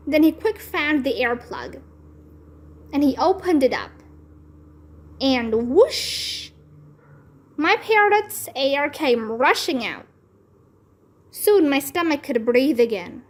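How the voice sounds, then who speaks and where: A woman narrating a children's book aloud in an expressive, deliberate storytelling manner. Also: sits high. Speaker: read-aloud channel host.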